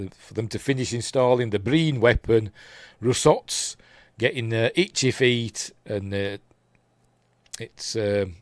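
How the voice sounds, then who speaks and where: A man with a Yorkshire accent, his voice going hoarse, rambling through a live casual episode recap with lots of ums and asides. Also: medium pitch, no echo. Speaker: streamer reviewing TV episodes.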